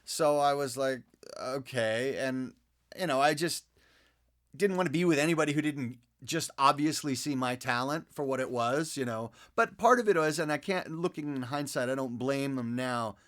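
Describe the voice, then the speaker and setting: Man, voice actor guest, casual interview, rambling storytelling, fillers and restarts, mid-pitched voice, studio mic. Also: normal speed. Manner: animated anecdotes, many fillers and restarts. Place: podcast studio.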